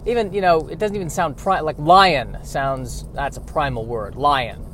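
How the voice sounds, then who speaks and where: Animated, riffing comedic man. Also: a little high, moderate pace, a little hiss or hum. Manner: animated, self-interrupting, playful. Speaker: podcast host.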